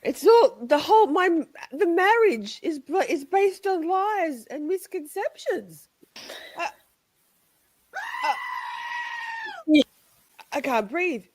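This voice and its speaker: A woman's voice: very high voice, expressive, slow pace, pauses often, a little mellow, no echo, shouting. A woman delivering a comedic rant with mock-dramatic, exaggerated outrage.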